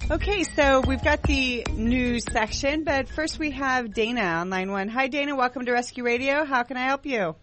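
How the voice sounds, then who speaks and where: A woman hosting a call-in talk radio show, speaking gently, with many halting restarts. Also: high voice, over music. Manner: gentle, repetitive, halting phrasing.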